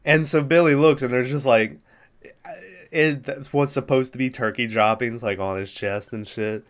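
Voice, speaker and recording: A man's voice: medium pitch, steady tone, normal speed. A man hosting a podcast, recapping a movie in a rambling, profane, amused way. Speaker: podcast host.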